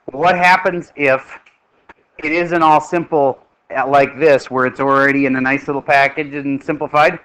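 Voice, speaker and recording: A middle-aged man teaching a math class, lively and joking as he quizzes his students. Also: mid-range voice, moderate pace, rough recording.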